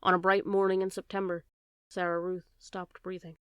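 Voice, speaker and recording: Woman audiobook reader, storybook narration, smooth clear voice, close dry mic. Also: fairly low pitch, normal speed, no echo. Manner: steady, gentle reading with shifting voices.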